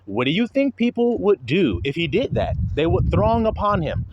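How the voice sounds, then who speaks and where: A man with a slightly raised voice tells a story in casual religious talk, asking his listeners again and again whether they follow him. Steady noise sits under the recording, with a vehicle heard behind him. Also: sits high, moderate pace, highs cut off. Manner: animated storytelling with rhetorical questions. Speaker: online preacher. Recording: noisy background.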